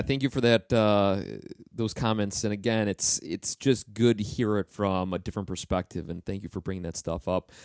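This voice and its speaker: Low-voiced podcast host, relaxed. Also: male voice, no echo, studio quality. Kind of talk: interview questions.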